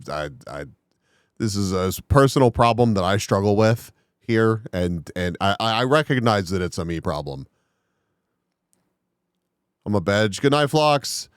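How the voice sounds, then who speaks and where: A man's voice: lowish voice, smooth, no echo, clean studio sound. A man chatting casually on a live stream, reacting to a video and talking back to it, with stammers when he gets flustered.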